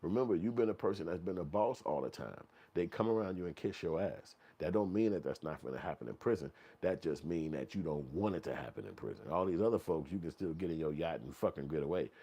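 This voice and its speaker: A man with a deep, low voice holds forth in casual commentary. He tells it as a vivid story aimed at the listener, swearing freely and now and then acting out other voices. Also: animated, quick pace, hardly any pauses, slightly rough. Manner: profane, vivid storytelling with second-person address; acts out quoted voices, sometimes yelling high. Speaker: channel host commenting on news.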